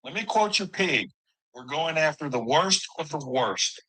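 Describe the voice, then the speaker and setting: A man questioning a guest on a heated online debate panel, pressing and halting. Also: on the high side, lively intonation, pushed and bright, slightly rough, rough recording.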